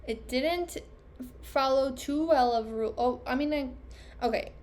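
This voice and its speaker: A woman's voice: sits high, measured pace, darkish tone. A young woman trader thinking aloud over her charts, self-critical and trailing off, losing her voice. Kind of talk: casual self-talk screen recording.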